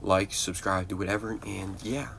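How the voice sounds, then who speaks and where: A man's voice: sits low, fairly even intonation, normal speed, gravelly, a bit bright, slight background noise. A young man telling a rambling, profane story in casual storytime style while gaming. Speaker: gaming video creator. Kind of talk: casual storytime over gameplay. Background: guitar music.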